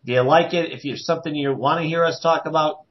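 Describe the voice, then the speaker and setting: A man co-hosting a podcast in casual chat, animated and quick to joke. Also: a little high. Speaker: podcast co-host. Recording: dull lo-fi sound.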